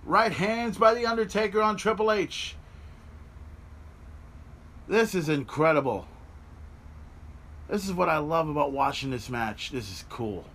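Excitable man calling a replay. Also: fairly high pitch, a little slow, long pauses. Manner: animated, swears, yells at big moments. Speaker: podcast host. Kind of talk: excited watch-along commentary. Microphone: podcast mic.

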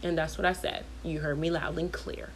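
A woman's voice: low voice, very animated, normal speed, gravelly, slight background noise. A woman in her thirties venting in a casual storytime, blunt and profane, talking from her bathroom at home.

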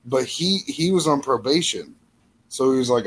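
A man in casual podcast banter who delivers odd jokes in a dry, deadpan way. A faint room hum sits under his voice at mid pitch. He sounds relaxed and matter-of-fact. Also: moderate pace, low-quality recording. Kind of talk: casual comedic chat.

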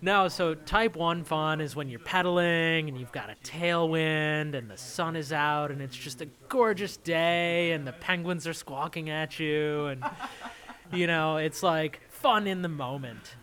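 Bright-voiced easygoing man. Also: on the high side, unhurried. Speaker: guest cycle tourist. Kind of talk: casual explanation.

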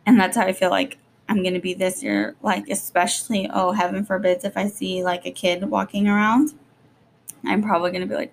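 A young woman and mother chatting casually to her vlog, rambling quickly with lots of "like", jittery and short on sleep. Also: mid-range voice, flat delivery, gravelly, a little hiss or hum. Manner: rapid rambling, lots of "like", nervous. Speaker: vlogger, young mom.

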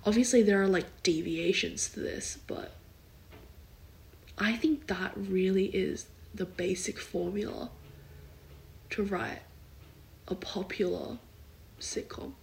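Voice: mid-range voice, fairly even intonation, takes it slowly, gravelly, long pauses, in a whisper, poor audio. Rambling young podcast host. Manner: rambling, filler-heavy, many likes and kind ofs. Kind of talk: casual solo podcast chat.

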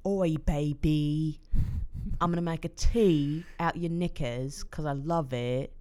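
A sleazy, leering man drawls lewd catcalls in a low voice, as a woman puts him on in a casual podcast chat. He slurs his come-ons lazily. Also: slow, a little mellow.

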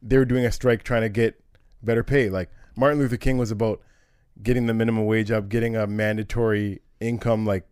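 A man co-hosting a casual podcast chat, walking through history in a relaxed conversational way. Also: on the low side, brisk, smooth, no room sound, clean studio sound. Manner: explains history conversationally, with restarts and fillers. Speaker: co-host.

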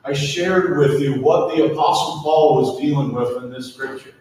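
A man's voice: a little high, moderate pace, darkish tone, a little hiss or hum. A man preaching a sermon in a church, earnestly asking the congregation to repeat lines to their neighbors. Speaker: pastor. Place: church sanctuary. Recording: echoey sanctuary from far off.

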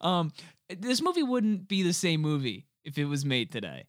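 A young man chatting casually about a movie, animated and joking, swearing freely. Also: on the high side, dry recording, clean studio sound. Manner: animated, swears freely, quick jokey asides.

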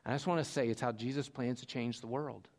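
A man preaching a sermon as pastor, telling a story with lively swings between loud emphasis and quiet asides. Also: medium pitch, fast.

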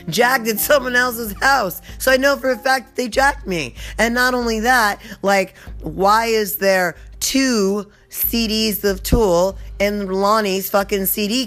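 A woman's voice: sits low, a bit bright. A woman vlogger telling a rambling, profane story, constantly drifting off topic. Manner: rambling, profane, easily sidetracked. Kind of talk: casual rant storytelling.

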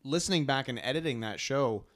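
Animated, lively-voiced podcast co-host. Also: medium pitch, brisk. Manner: animated, swears, laughs readily. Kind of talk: casual podcast chat.

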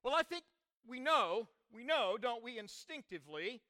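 A man preaching a sermon as pastor, swinging dramatically from quiet asides to loud, ringing emphasis. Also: very high-pitched, sing-song, measured pace, dry recording, clean studio sound.

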